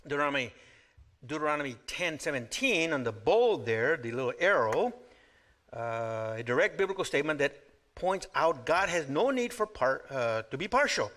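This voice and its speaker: A middle-aged or older man giving a teaching sermon with scripture readings, chatty, and acting out quotes in animated voices. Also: a little high, moderate pace. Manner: conversational, acts out quotes in lively voices. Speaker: Bible teacher.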